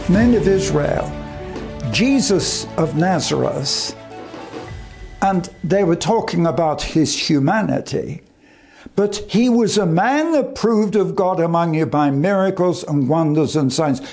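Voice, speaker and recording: Slow, high-voiced male evangelist. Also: lively intonation, darkish tone, soft background music. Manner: slow, deliberate preaching with emphatic pauses. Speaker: evangelist preacher. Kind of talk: sermon.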